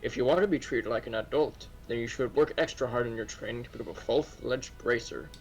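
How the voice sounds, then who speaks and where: A man's voice: medium pitch, brisk, faint music behind, natural voice, low-quality recording. A man reading as a stern, fatherly mentor. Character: stern but caring middle-aged father. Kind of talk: reading game dialogue aloud.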